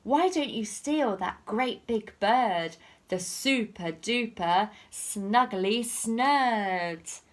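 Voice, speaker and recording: A woman's voice: fairly high pitch, expressive, extremely slow. A woman voicing a sly hissing goose in a storybook reading.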